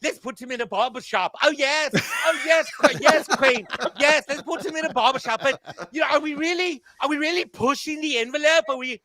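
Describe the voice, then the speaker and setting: A man voicing a campy, gushing male TV writer in a mocking, sing-song way, squealing with excitement. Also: very high voice, brisk, pitched above the performer's own voice.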